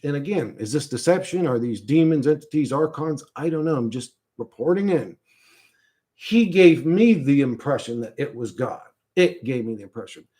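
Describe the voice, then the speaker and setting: A man telling a strange vision in a rambling casual monologue, halting, swearing often and losing his thread. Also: a little high, a little mellow. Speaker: streamer recounting a vision.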